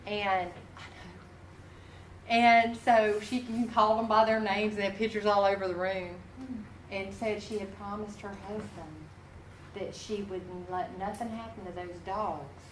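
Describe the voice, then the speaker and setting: Nursing instructor, lively classroom storyteller, distant mic in an echoey room. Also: female voice, mid-range voice, a little slow, slight background noise. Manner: folksy, animated storyteller who talks straight to the class.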